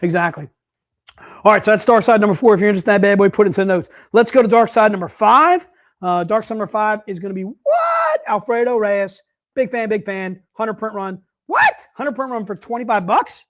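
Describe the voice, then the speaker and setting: Running a livestream sale, this man chats in an easygoing, upbeat way and keeps addressing people as "dude." He speaks fast in a high, slightly bright voice.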